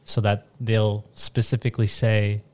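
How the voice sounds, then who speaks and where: A man's voice: lowish voice, flat delivery, a little slow, darkish tone. A man co-hosting a podcast, chatting casually and explaining things in a matter-of-fact way. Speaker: podcast co-host. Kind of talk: casual chat.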